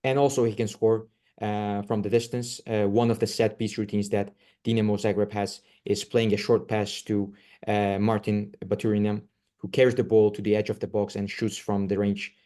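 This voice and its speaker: A man with a low, mellow voice breaks down players for a football podcast. He speaks earnestly but haltingly, pausing on filler sounds as he builds his points. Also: flat delivery. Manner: hesitant, many filler uhs, earnest. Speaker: podcast co-host. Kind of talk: casual football analysis.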